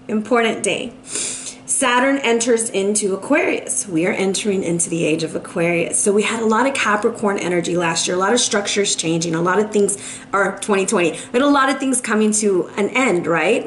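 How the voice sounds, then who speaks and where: A woman with a fairly high voice gives a chatty monthly tarot reading straight to camera. She is emphatic, repeats key words and keeps asking her viewers whether they follow. A faint noise sits under her voice. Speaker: tarot reader.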